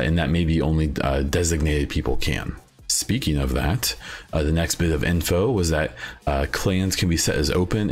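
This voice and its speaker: Man, extremely low voice, solo gaming podcast host, casual rambling, lots of fillers.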